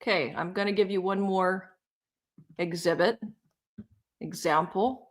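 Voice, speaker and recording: A woman hosting a casual live-stream, talking opinionated and animated while reading and answering her live chat. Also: fairly low pitch, measured pace. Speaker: livestream true-crime commentator.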